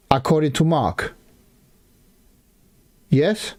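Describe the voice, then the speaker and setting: Guy ranting and cussing at a video he's reacting to, kinda high voice, mocking. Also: sing-song, unhurried, long pauses, a little mellow. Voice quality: heavy swearing, mocking. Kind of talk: profane ranting reaction commentary.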